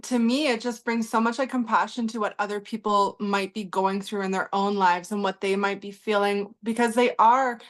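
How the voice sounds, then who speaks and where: A woman's voice: medium pitch, fairly even intonation, normal speed, few pauses. A woman hosting a podcast interview, speaking reflectively with many filler words. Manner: reflective, heavy use of "like", warm and encouraging. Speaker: podcast host.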